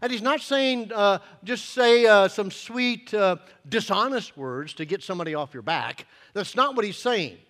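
A fifties-aged male preacher with a high-pitched voice, speaking in a folksy, earnest way. He hesitates and restarts often, and his voice carries a long hall reverb, as if in a large church. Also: lively intonation, normal speed, hardly any pauses, a bit bright. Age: 50s. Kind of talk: sermon with personal storytelling.

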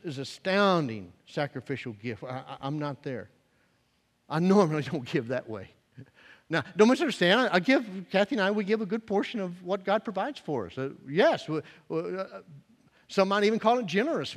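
A man with a high voice preaches a sermon in a church sanctuary, his words ringing with a long reverb. He is animated, tripping over restarts and swinging between loud bursts and soft asides. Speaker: pastor.

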